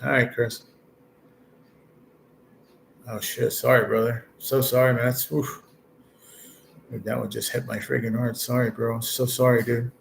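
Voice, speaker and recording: A man nearing fifty talks to his livestream chat from a hospital room, rambling and blunt and cursing often. His voice is gravelly, sits at an ordinary pitch, and has a faint hum of room noise underneath it. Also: flat delivery, measured pace, long pauses, poor audio. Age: 40s. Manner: blunt, heavy swearing, rambling. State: ill with stage four cancer. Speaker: livestream host.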